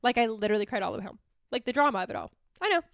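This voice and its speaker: Bright, self-mocking young woman host. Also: a little high, very fast, vocal fry, no room sound, studio quality. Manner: animated, self-mocking, swears freely. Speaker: podcast host. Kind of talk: casual storytelling monologue.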